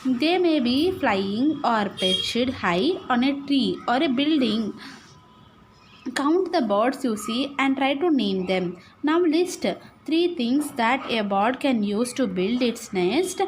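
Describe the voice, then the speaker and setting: A woman teacher with an Indian English accent, slowly explaining syllables to young pupils and often checking that they follow. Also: a little high, lively intonation, a little hiss or hum. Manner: slow, repetitive, checks understanding with "right?" and "okay". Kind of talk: classroom lesson, explaining syllables.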